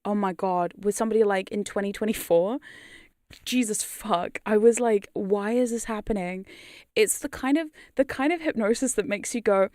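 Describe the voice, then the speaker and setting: A woman talks to her livestream viewers in a loose, rambling way, laughing often and swearing without a second thought. Her voice sits at a middle pitch. She is recorded close on a studio condenser mic in a dry room with no echo. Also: normal speed, darkish tone. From New Zealand. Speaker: hypnosis content creator and livestream host. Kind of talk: casual livestream chat.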